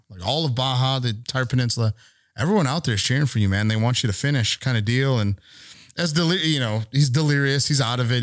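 A man's voice: medium pitch, dry recording, clean studio sound. A man on a podcast telling a long story in casual chat, rambling and swearing freely as he acts out what people said. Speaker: podcast co-host.

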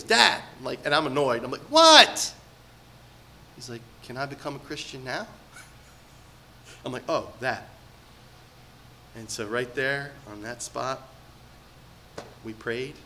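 Middle-aged guy preaching a sermon, bright voice, gets loud then drops way down, faint hum behind. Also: medium pitch. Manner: animated preaching, swinging between loud emphatic peaks and quiet asides. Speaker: pastor.

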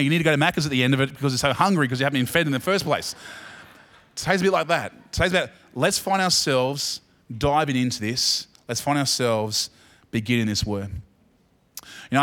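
A man with an Australian accent preaching a sermon as pastor, swinging from soft, chatty asides with the congregation to loud, emphatic peaks. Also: medium pitch, a little fast.

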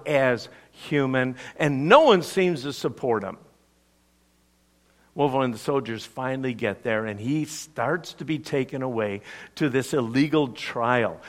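Male preacher, energetic storyteller, higher voice with wide pitch swings. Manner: lively storyteller acting out quotes. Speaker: pastor. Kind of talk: sermon storytelling.

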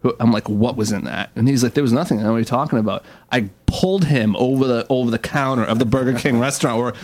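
A man's voice: medium pitch, fast talker, darkish tone. A young man co-hosting a comedy radio show, telling a long story in a rambling way with many fillers. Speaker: co-host. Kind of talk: casual comedy radio chat.

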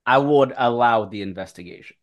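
A man running a tabletop game as game master, swearing and laughing often, with loud outbursts. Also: mid-range voice, a little fast.

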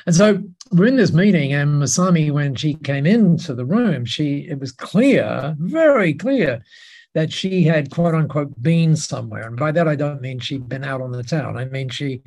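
An Australian man, a podcast guest, telling a story in a lively way and acting out the dialogue. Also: on the high side, moderate pace. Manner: lively, acts out dialogue in different voices. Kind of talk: animated storytelling.

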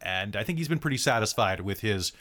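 Man, stream host and game master, low-pitched, chatty and rambling with lots of ums. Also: lively intonation, quick pace, fairly bright tone. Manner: rambling, many fillers and restarts. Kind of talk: casual stream sign-off chat.

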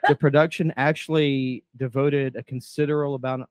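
Brief: mid-pitched man, laid-back podcast co-host, dry close sound. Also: little pitch movement, brisk, clear, resonant tone, no echo. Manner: laughs often, retells scenes with quoted lines. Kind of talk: casual movie chat.

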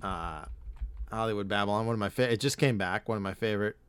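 A man's voice: lowish voice, quick pace, a bit bright, smooth. A man hosting a podcast, chatting casually in a rambling, profane way. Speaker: podcast host. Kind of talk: casual chat.

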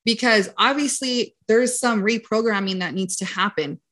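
Young woman host, bright voice, emphatic and lively, jumps up high when excited. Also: normal speed. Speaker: podcast host. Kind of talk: casual conversation.

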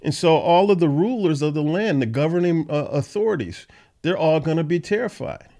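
A man's voice: a little high, lively intonation, a little fast, dark tone. A man hosting a Bible study podcast who reads verses aloud and then explains them in a plain, conversational way. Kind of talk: reading scripture and explaining it.

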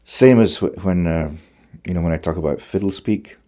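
A man with a very low, dark voice talks about his playing in a conversation. He is thoughtful, often pausing and restarting as he looks for the right words. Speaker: fiddler. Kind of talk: conversational reflection on music.

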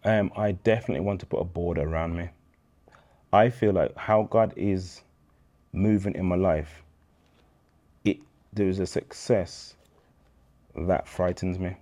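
A man's voice: deep voice, fairly even intonation, unhurried, pauses often, warm tone. A man, telling his faith story as an interview guest in a candid slang-filled way, acting out dialogue.

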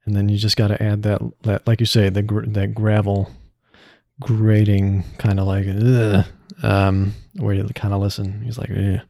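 Picture a man with a fairly low, warm, mellow voice, thinking out loud about his voice acting work in a casual podcast chat. He circles his points, restarting sentences as he goes. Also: monotone, moderate pace, vocal fry, dry recording, studio quality. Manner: reflective, rambling with many restarts. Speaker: voice actor.

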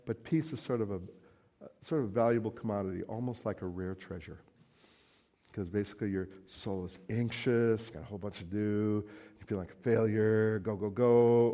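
A man preaches with a low, mellow voice, chatty and joking as he acts out little everyday scenes for the congregation. His words ring out with a long reverb from the church hall. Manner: conversational and joking, acting out everyday quotes. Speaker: pastor. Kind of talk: sermon.

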